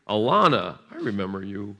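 A man preaching at a revival service in a church, laughing and shouting bursts, gentle with the children he blesses. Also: on the low side, animated, moderate pace. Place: church sanctuary.

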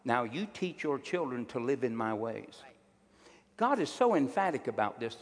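A man's voice: mid-range voice, very animated, moderate pace, in a large hall. A male pastor preaching a sermon, emphatic and drawing call-and-response from his congregation.

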